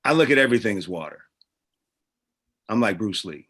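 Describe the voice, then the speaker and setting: Bright-voiced man telling animated stories. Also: lowish voice, fairly quick, slightly rough. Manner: animated, acts out the people in his stories. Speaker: actor and producer, guest. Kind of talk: casual interview storytelling.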